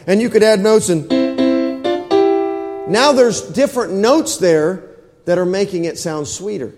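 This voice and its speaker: A man's voice: high voice, unhurried, a little mellow, big-room sound, faint music behind. A man preaching a sermon to his congregation in a folksy manner, often checking in with questions. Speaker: pastor. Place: church hall.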